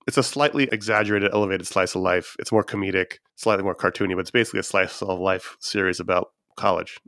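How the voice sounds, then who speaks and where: A man's voice: fairly low pitch, fairly bright tone, no echo, studio quality. A sick man hosting a podcast, talking in casual, enthusiastic and rambling chat. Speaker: podcast host.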